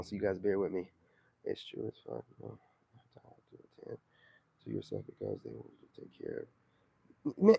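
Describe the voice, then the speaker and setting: A man's voice: fairly high pitch, vocal fry, dark tone, no echo. A man hosting a live stream, talking in a slangy, preachy, emphatic way in a casual monologue.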